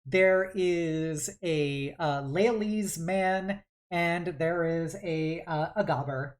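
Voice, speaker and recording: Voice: mid-range voice, slow. A game master narrating a tabletop game in a hesitant way, with many fillers.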